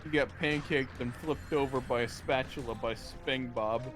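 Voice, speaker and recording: A man's voice: medium pitch, fairly even intonation, moderate pace, fairly bright tone, soft background music. A man chatting casually off-mic during a game stream, teasing and playful. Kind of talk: casual chat.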